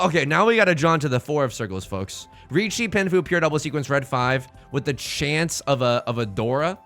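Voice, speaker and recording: A man's voice: a little high, lively intonation, brisk, hardly any pauses, a bit bright, soft background music. A man hosting a let's play, rambling playfully through casual game commentary with jokey asides.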